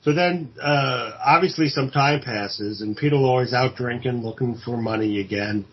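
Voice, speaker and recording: A man's voice: medium pitch, moderate pace, breathy edge, lo-fi sound. A man co-hosting a podcast, casually retelling a film plot with many fillers and restarts, now and then acting out the lines. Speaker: podcast co-host.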